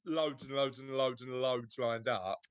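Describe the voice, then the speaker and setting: A man's voice: medium pitch, measured pace, dry recording. A man co-hosting a podcast in casual chat, teasing and rambling with many fillers. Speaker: podcast co-host.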